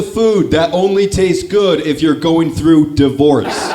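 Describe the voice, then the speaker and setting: A young Canadian guy from Northern Ontario does stand-up at a comedy club, trading casual, profane, self-deprecating banter with the live crowd. His voice sits on the high side with a dark tone, and he talks a little slowly with few pauses. The room is echoey and the audience is audible.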